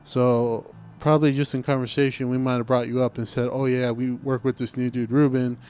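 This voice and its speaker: A man's voice: medium pitch, flat delivery, brisk, a little mellow, clean tone. Laid-back young man telling a story. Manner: laid-back storytelling, acts out quoted talk. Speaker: podcast co-host. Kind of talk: casual chat. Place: in a car.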